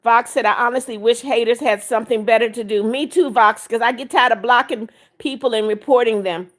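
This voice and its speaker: Older lady on a live stream, kinda high voice, reads out chat and says hi to everyone, gets stern with trolls. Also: brisk. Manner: reads viewer comments aloud, warm greetings, firm with rule breakers. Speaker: livestream host.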